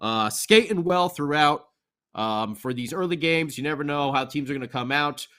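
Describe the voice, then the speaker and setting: A man's voice: on the high side, normal speed, fairly bright tone. A man co-hosting a sports podcast, giving an enthusiastic, rambling game recap. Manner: rambling, enthusiastic, fan banter. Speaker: podcast co-host.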